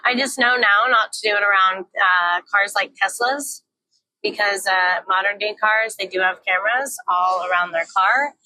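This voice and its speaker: A woman's voice: medium pitch, normal speed, sharp tone, poor audio. A young woman talking candidly in a frank, joking, often profane monologue, recorded on a phone while she drives her car. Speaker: vlogger.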